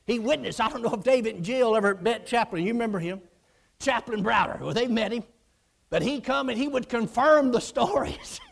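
A man preaching a lively story, acting out voices and often shouting. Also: very high-pitched, fairly quick, creaky. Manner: animated, acts out voices, shouts and laughs. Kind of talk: storytelling sermon.

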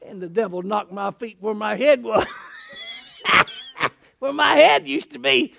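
A middle-aged man preaching a lively sermon in a folksy way. He laughs often, asks his listeners "isn't that right?" and acts out the people in the passage he is reading. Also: sits high, takes it slowly, vocal fry, pauses often. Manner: animated, folksy, laughing often, acting out quotes.

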